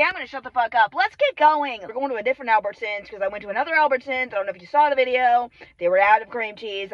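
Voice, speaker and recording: In a muffled recording with no room sound, a young woman with a mid-range voice rambles through a comic vlog monologue, sweary and self-mocking, from her phone held at arm's length in and around a car.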